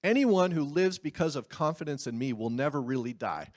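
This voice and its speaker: A man's voice: a little high, animated, fairly quick. A man preaching a sermon in a conversational way, with asides and laughs. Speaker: pastor.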